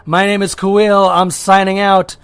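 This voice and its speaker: A man's voice: sits high, level tone, normal speed, a bit bright, clean tone. A man giving casual gameplay commentary, rambling and joking as he restarts his sentences. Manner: rambling, self-interrupting, jokey. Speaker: gaming video creator.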